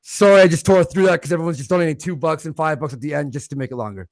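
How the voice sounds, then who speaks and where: A man hosting a livestream, quickly reading out viewer donations and their messages in a casual way. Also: fairly high pitch, darkish tone, no room sound, clean studio sound. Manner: rattles off donor names and messages. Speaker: livestream host.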